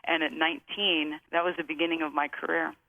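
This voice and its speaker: A woman telling her story as a guest, emphatic and motivational, slowing down to stress key phrases. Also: deep voice, flat delivery, gravelly. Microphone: phone. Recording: tinny phone line.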